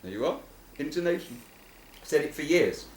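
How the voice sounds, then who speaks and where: Animated male violin teacher, echoey room. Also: moderate pace. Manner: emphatic, animated, sings notes to show pitch. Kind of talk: instructive commentary over violin playing.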